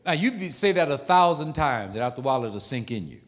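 A man's voice: medium pitch, lively intonation, brisk, hardly any pauses. A male pastor preaching a sermon in an emphatic, repetitive style, with asides to the congregation. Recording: echoey hall.

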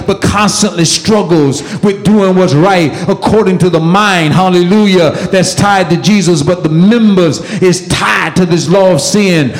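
Fiery high-pitched male preacher. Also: reverberant, long reverb tail. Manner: fiery call-and-response preaching, rising to shouts. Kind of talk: sermon.

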